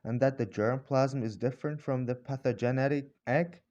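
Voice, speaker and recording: A man's voice: medium pitch, steady tone, normal speed, darkish tone, highs cut off, lightly acted. A man reading a storybook role of an arrogant, short-tempered older male professor who talks with roaring, brutal bluntness. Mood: scornful.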